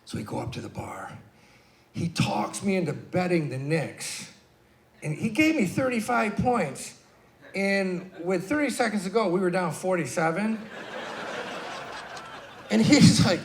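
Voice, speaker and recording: A man doing a stand-up set, telling stories with swearing and sudden loud bursts. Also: fairly high pitch, lively intonation, moderate pace, vocal fry, slight background noise. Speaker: stand-up comedian. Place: live comedy stage.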